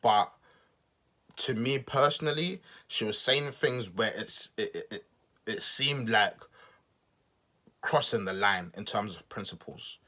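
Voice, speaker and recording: Podcast guy, low voice but kinda sharp and bright, rambling political chat, keeps tripping over his words. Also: unhurried, pauses often. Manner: rambling, with frequent restarts and stumbles; self-deprecating asides. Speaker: podcast host. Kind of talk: casual political commentary monologue.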